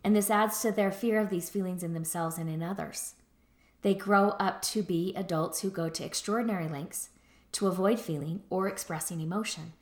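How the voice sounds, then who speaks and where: Speaking at a moderate pace in a lowish, steady voice, this middle-aged therapist gives a relaxed lecture, peppering her explanations with "right?" and "like." The recording is reverberant.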